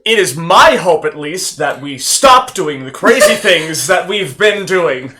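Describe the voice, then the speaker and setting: A man's voice: a little high, animated, measured pace, pushed and bright. A man playing in a tabletop game, dry and sarcastic. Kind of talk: tabletop game role-play.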